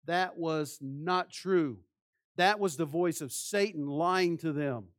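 A man preaching a sermon with passion, asking rhetorical questions and swinging between soft, hushed phrases and loud ones. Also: a little high, slow. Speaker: pastor.

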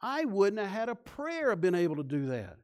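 A man preaching a sermon with a voice a touch higher than most men's. He swings from loud emphatic lines to soft, hushed ones and leads the congregation in call-and-response. Now and then he slips in a self-deprecating aside. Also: wildly swooping pitch, fairly quick. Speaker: pastor.

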